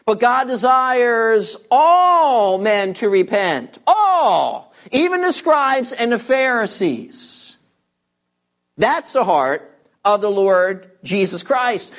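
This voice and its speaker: A preacher giving an expository sermon, walking listeners through scripture verse by verse. The delivery is emphatic and repeats key words, slowing down to stress them. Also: mid-range voice.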